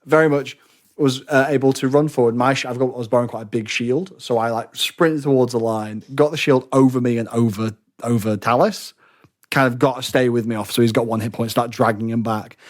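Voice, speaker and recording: Animated man telling stories. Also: mid-range voice, brisk. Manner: animated, swears freely, acts out quotes. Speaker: podcast co-host. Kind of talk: casual storytelling chat.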